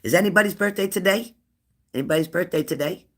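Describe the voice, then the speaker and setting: A middle-aged man runs a relaxed livestream, reading viewer comments aloud. He talks in a chatty, teasing way and asks the same question twice over. His voice sits a little on the high side for a man. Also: fast, slight background noise. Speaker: livestream host.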